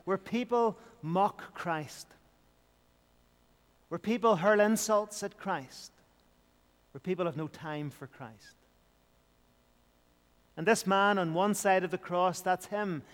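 A man's voice: high voice, slow, long pauses, long reverb tail. A man preaching an evening sermon in an earnest, repetitive style, building emphasis as he goes.

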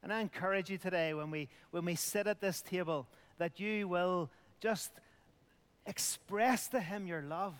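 A man's voice: high voice, unhurried, fairly bright tone, clean tone, long reverb tail. A middle-aged man preaching a communion sermon, earnest, dropping to a near whisper at tender points. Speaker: pastor.

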